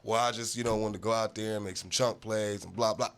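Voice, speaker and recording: A man voicing a mocking version of a star quarterback brushing off a question in a lower, droning, dismissive tone. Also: steady tone, quick pace, a bit bright, smooth. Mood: evasive.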